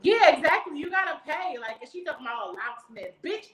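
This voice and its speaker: A woman telling a storytime vlog story in casual, profane, animated chat. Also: high-pitched, brisk, reverberant, low-quality recording. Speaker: vlogger.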